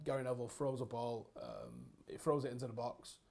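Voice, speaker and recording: A man's voice: mid-range voice, huge pitch swings, a little fast, creaky, a little mellow. A young man hosting a casual podcast, chatty and enthusiastic, swearing freely. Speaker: podcast host, grandson.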